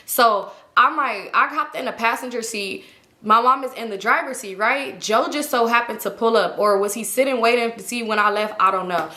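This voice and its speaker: A young woman in her twenties tells a storytime vlog in a casual, slangy, animated way. Her voice sits a little high and very bright, with an echo from the room. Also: fairly quick. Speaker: vlogger. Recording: echoey room.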